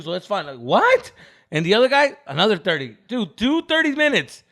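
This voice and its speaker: Young guy on a podcast, high bright voice, talks super fast, swears a lot, acts out everybody in his story. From United States. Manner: animated, profane slang-heavy storytelling, acts out quotes. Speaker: podcast co-host. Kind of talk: casual storytelling chat.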